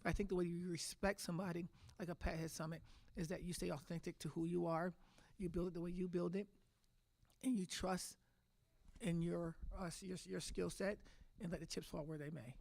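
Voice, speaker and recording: A woman's voice: fairly low pitch, steady tone, brisk, creaky, a little mellow, no room sound. A middle-aged woman head coach answering press conference questions with emphatic, restarting speech. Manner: emotional, repetitive restarts, emphatic.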